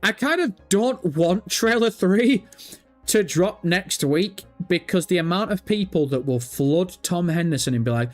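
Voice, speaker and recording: Male streamer, crude and playful, slightly raised pitch, faint music bed. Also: lively intonation, a little slow. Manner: profane, jokey banter, mock-insulting viewers. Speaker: livestream host. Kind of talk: casual live chat reading comments.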